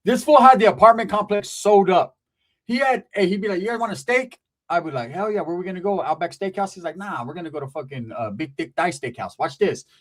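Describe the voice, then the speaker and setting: A man's voice: sits high, fast, fairly bright tone. A man telling a casual story in slangy, profane speech, acting out the people he quotes.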